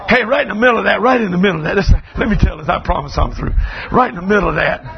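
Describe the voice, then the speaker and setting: High-voiced preacher man. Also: rapid-fire, gravelly, highs cut off. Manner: folksy storytelling that builds to shouting. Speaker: pastor. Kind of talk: Southern revival preaching. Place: large church auditorium.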